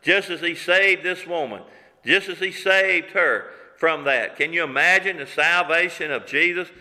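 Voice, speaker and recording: An older male pastor in his sixties preaches with a very bright, fairly high voice and an easy, folksy cadence. He slows down and drops his voice low for quoted lines. His words ring out with a long echo, as in a big church sanctuary. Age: 60s. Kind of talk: sermon. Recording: long reverb of a large room.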